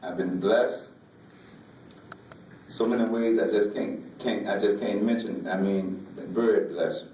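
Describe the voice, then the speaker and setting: Halting Southern-spoken man in an echoey hall. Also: fairly low pitch, steady tone, dark tone, far from the mic, a little hiss or hum. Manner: halting, repeats words, Southern vernacular. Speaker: folk artist giving a talk. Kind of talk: emotional personal talk. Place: museum lecture hall.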